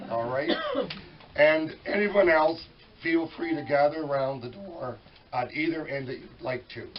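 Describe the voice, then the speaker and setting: At a public library dedication, a man with a weak, mid-range voice serves as master of ceremonies, chatting folksily through the announcements and correcting himself along the way. The recording is distant and dull, with a crowd and slight background noise.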